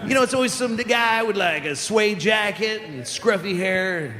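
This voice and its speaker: A man doing live stand-up comedy, animated and acting out voices and sound effects. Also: high voice, moderate pace. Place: large live comedy venue. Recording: reverberant live venue with faint ambience.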